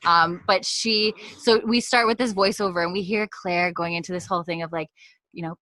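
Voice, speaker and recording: A woman's voice: mid-range voice, moderate pace, pushed and bright, no room sound. A young woman co-hosting a podcast, recapping a TV episode in a rambling, chatty way with frequent laughs. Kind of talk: casual chat.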